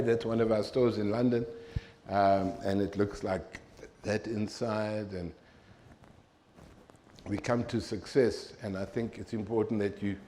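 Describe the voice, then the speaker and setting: An older man, giving a humorous, animated storytelling talk to an audience as a keynote speaker. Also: on the low side, slight background noise.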